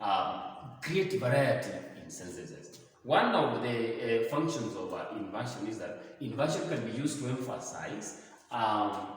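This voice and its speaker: A man with a Kenyan English accent teaching a grammar lesson, hesitant, with many fillers and slow, careful reading of example sentences. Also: mid-range voice. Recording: echoey room, voice from far off the mic.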